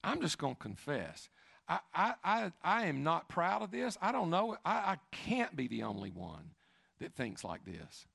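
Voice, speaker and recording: A male pastor preaching a sermon, building repeated questions to loud emphatic peaks, then dropping to a quiet, confessional low voice. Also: wildly swooping pitch, unhurried, vocal fry, breathy edge, no room sound, studio quality. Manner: repetitive, building lists of questions.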